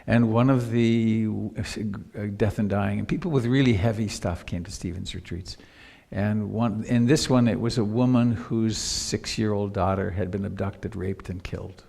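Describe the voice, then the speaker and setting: Older male meditation teacher, gravelly voice, long hall reverb, reflective storyteller. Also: on the low side, steady tone, moderate pace, few pauses, a little mellow. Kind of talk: live dharma talk.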